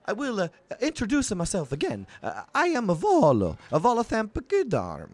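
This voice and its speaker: A man's voice: high voice, huge pitch swings, normal speed, dry recording, pitched above the performer's own voice, exaggerated voice. A man voicing a short, flustered male writer who stammers and fusses, with filler sounds between words. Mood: flustered eager. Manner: stammering, fussy.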